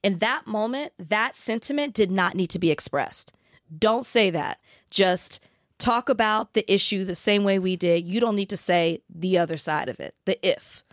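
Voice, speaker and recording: A woman co-hosts a relaxed conversation and keeps her replies short, mostly agreeing with the other speaker. Her voice is mid-pitched for a woman. The recording is dry and close. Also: normal speed, no room sound. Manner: agreeable, brief affirmations. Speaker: podcast co-host. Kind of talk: casual chat.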